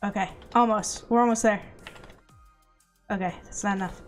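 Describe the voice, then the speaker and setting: A woman's voice: medium pitch, fairly even intonation, normal speed, faint music behind. A woman hosting a casual discussion stream, chatting and laughing often between sentences. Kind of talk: casual chat.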